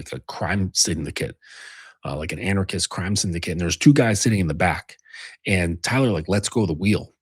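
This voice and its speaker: An American man with a low, husky voice gives a rambling, profane casual monologue as a men's coach. The recording is clean studio sound with no echo.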